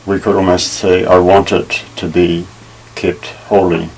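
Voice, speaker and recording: A man teaching a Bible lesson, measured and careful, pausing often with fillers as he explains. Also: deep voice, little pitch movement, husky. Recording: slightly distant mic with faint ambient noise.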